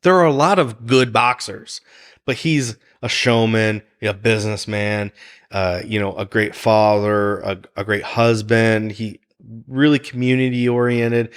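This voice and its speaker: A man talking casually on a podcast, telling animated stories and laughing often. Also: on the low side. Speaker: guest, fighters' chef.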